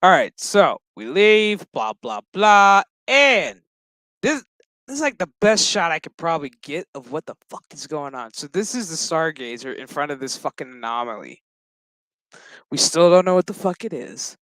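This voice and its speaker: A man's voice: on the high side, big pitch swings, normal speed, a bit bright, no room sound. A man giving a casual, profane, sarcastic recap of a TV episode. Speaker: show reviewer.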